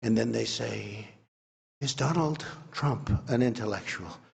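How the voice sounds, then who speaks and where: A man's voice: mid-range voice, unhurried, gravelly, big-room sound, pitched below the performer's own voice. A man putting on a mocking impression of a blustering, boastful older male politician.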